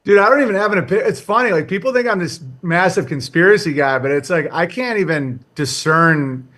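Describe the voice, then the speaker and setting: A man's voice: sits high, expressive, a little fast, pushed and bright. A man hosting a podcast, joking loosely in casual banter with lots of filler words.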